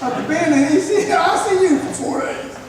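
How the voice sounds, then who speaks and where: A middle-aged man preaching with a very high voice. He talks in a folksy way, laughs often, and keeps asking the crowd whether they follow him. The sound comes from a church hall with heavy echo, the mic is far off, and a faint hiss runs underneath. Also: normal speed. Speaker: traveling preacher. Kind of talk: sermon. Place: church sanctuary.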